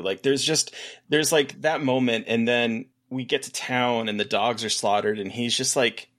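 A man's voice: mid-range voice, steady tone, moderate pace, fairly bright tone. A man co-hosting a podcast, rambling with restarts as he chats enthusiastically about a horror film. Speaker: podcast co-host.

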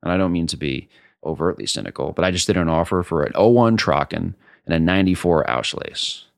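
Deep gravelly-voiced man, passionate wine talk. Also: expressive, fairly quick, no room sound, studio quality. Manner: passionate, emphatic, combative. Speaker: wine importer. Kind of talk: interview answer.

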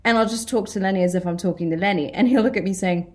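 A British woman, an actress, chatting in an interview, animated and laughing often as she acts out her own reactions. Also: medium pitch, very fast. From Britain. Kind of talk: casual interview chat.

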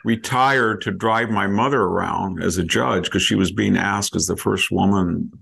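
A man's voice: on the low side, moderate pace, gravelly, a bit bright, breathy edge. A man hosting a podcast, telling rambling anecdotes in casual conversation and often breaking off mid-word. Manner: rambling anecdotes, self-interrupting. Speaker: podcast host.

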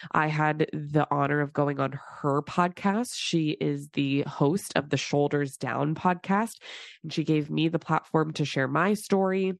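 Congested woman, low voice, podcast host. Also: fairly even intonation, creaky, dry recording, studio quality. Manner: chatty, rambling, quick asides. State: congested, stuffy nose from a cold. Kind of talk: casual solo podcast chat.

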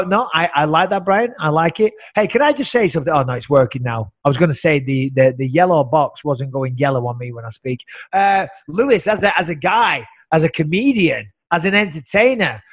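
Sarcastic English man, slightly high voice. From England. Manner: sarcastic, rambling storyteller. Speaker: podcast co-host. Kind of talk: casual podcast chat.

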